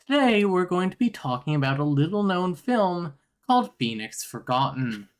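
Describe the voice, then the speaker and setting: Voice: medium pitch, sing-song, moderate pace, pitched above the performer's own voice, close to an everyday voice. A streamer doing an impression of a male horror movie reviewer with a lilting, sing-song voice that rises and falls. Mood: mock-presenter.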